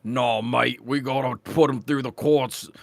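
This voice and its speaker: A man's voice: medium pitch, steady tone, measured pace, gravelly, dry recording, studio quality. A man voicing a pompous, bossy male orc inspector, drawling each word. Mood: officious.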